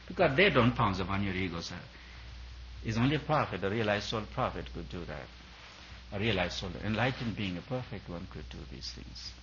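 A man's voice: fairly low pitch, fairly bright tone, dull audio, a little hiss or hum. A man, a spiritual teacher, giving an earnest discourse at a retreat, building his points through repeated emphatic phrases.

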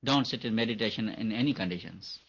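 A man giving a gentle, repetitive spiritual talk on meditation to an audience. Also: fairly low pitch, fast, creaky, slightly rough. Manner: gentle, repetitive, chuckles often. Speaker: meditation teacher. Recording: dull lo-fi recording.

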